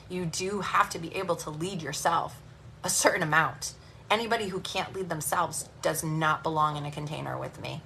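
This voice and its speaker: A woman business coach giving a live motivational talk and sales pitch, speaking directly with energetic tough-love encouragement. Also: a little hiss or hum.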